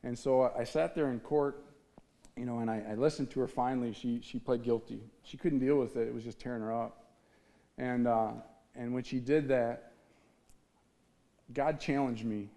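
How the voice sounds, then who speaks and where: On stage before an audience, a Midwestern man gives an earnest testimony, telling his story with feeling and acting out the voices he quotes. His mid-range, dark-toned voice stays steady at normal speed, with frequent pauses.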